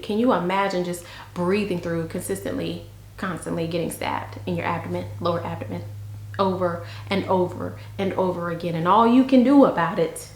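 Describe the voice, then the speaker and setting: A young woman telling a story to camera in a chatty, frank, animated way. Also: lowish voice, roomy sound. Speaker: vlogger.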